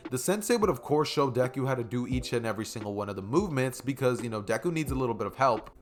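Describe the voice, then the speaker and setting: A man's voice: mid-range voice, expressive, fast, faint music behind. A young man casually narrating an improvised fan story, rambling with many fillers.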